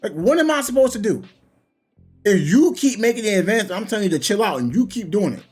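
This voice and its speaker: A man's voice: high-pitched, big pitch swings, fairly quick, slightly rough, soft background music. A young man, chatting casually and animatedly about online gaming, laughing often and using slang. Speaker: gaming streamer. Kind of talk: casual chat.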